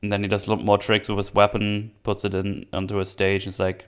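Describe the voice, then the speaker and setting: A young man with a low, clean, smooth voice talks through a movie scene by scene in a loose, casual chat. He is animated and mocking, and keeps slipping into jokey quotes from the characters. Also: fast, few pauses. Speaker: podcast host.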